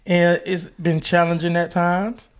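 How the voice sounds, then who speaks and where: A man's voice: high-pitched, little pitch movement, a little slow, clean tone. A man co-hosting a casual podcast chat with his wife, playful and given to dramatic emphasis. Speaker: podcast co-host.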